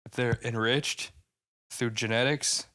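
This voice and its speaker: Young Midwestern man, smooth slangy banter. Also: mid-range voice, fairly even intonation, slow pace, pushed and bright. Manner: laughs often, loose slangy banter. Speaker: podcast co-host. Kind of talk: casual chat.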